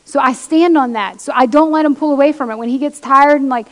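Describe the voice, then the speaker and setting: A woman, a pastor's wife, giving an animated testimony sermon to women and acting out quoted voices as she tells stories. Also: sits high, a little fast. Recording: long hall reverb.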